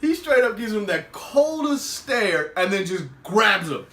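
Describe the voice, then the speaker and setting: A man hosting a casual recap of a TV episode, animated and laughing often as he acts out the scenes. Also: high voice, unhurried. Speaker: podcast host. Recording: roomy, distant mic.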